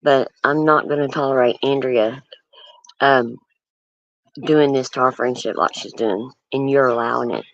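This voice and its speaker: Halting livestream host with dull lo-fi sound. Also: mid-range voice, a bit bright, no room sound. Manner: halting, many ums and restarts; earnest, firm about setting boundaries. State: nervous. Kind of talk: casual livestream talk. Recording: dull lo-fi stream audio.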